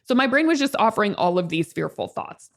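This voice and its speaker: A young adult woman hosting a solo podcast, telling a personal story in a casual, animated way that swings between excited highs and calm low tones. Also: fairly quick, vocal fry. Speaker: podcast host.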